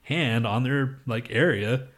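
A man's voice: medium pitch, slow pace, a bit bright. Profane, laughing young guy telling stories. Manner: loose, profane storytelling with frequent laughs. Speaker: podcast co-host. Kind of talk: casual chat.

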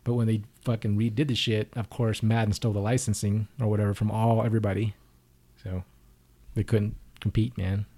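A man's voice: on the low side, flat delivery, fairly quick, dark tone. A man co-hosting a podcast in casual chat, rambling and cracking crude jokes. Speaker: podcast co-host.

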